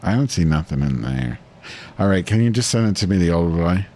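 Foul-mouthed low-voiced man ranting. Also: lively intonation, brisk, dark tone. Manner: foul-mouthed, abrasive, mock-insulting. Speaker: podcast host. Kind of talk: crude profane call-in chat.

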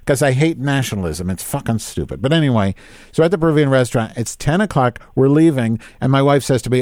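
Man, fifties, podcast host, cursing, exasperated, mid-pitched, dry recording. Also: fast, a little mellow, dry recording. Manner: profane, exasperated ranting. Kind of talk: casual live-stream rant.

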